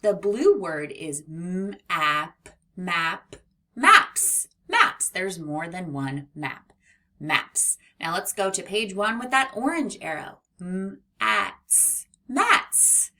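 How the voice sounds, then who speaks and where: A woman teaching a children's phonics lesson, sounding out letters slowly and with exaggerated care. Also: on the low side, expressive, sharp tone.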